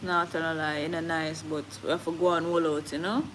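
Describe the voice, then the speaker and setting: A woman's voice: low-pitched, flat delivery, brisk, a bit bright, slight background noise, low-quality recording. Candid jamaican woman, casual live chat. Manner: candid, switching into patois, reads viewer comments. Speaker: live-stream host.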